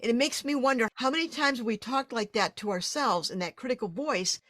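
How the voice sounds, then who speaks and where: A woman hosting an interview, speaking in a warm, affirming and thoughtful way. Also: a little high, brisk, dry recording, studio quality. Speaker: podcast host. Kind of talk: interview conversation.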